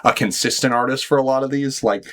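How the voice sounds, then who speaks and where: A man's voice: mid-range voice, quick pace, a bit bright. A man co-hosting a podcast, casually retelling a comic story with laughs and quoted lines. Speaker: podcast co-host. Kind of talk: casual chat recapping a comic.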